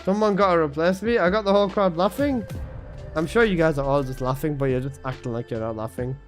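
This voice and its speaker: Guy, young, high-pitched voice, crude jokes, gaming stream chat, faint game music behind. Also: fast. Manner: joking, crude, slangy, laughs at own jokes. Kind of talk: casual live-stream chat.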